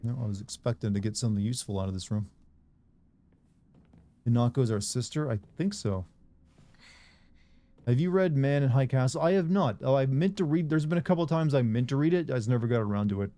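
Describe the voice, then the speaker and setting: A gaming streamer from Michigan offers casual let's-play commentary, rambling and chatting with viewers between bits of gameplay. His medium-pitched voice is mellow and a little fast, with frequent pauses.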